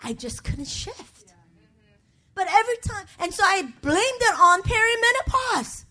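A woman's voice: extremely high pitch, big pitch swings, measured pace, sharp tone. A middle-aged woman pastor giving a personal, emotional sermon, speaking to the congregation and calling for their responses. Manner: emotional, confessional preaching with call-and-response; conversational and personal, with asides to the congregation.

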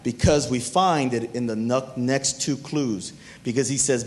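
A man preaching a sermon as pastor, animated and talking straight to his listeners, even humming tunes to make a point. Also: medium pitch, unhurried, hardly any pauses. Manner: animated preaching, talks to the crowd.

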